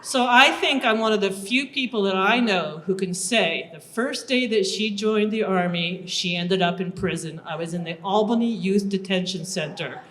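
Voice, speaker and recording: A woman telling a humorous personal story live on a bar stage, animated and acting out her own part. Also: mid-range voice, moderate pace, hardly any pauses, slight background noise.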